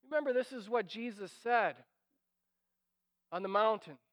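A man preaching a sermon as pastor, animated and acting out quoted lines, sometimes dropping to a near whisper. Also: high voice, measured pace.

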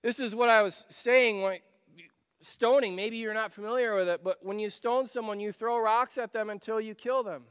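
A man delivering a sermon in a high voice, with long reverb ringing behind him. He preaches conversationally, asking the listeners questions and dropping from loud emphasis to hushed asides. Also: fairly even intonation, moderate pace, smooth. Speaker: pastor.

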